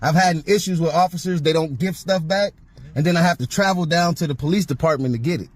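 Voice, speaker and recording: A man's voice: fairly high pitch, fast talker. A man in a parked car arguing with police in a defiant, irritated way, cursing often. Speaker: driver filming a police stop. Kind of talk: confrontational argument with police. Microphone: handheld recording camera.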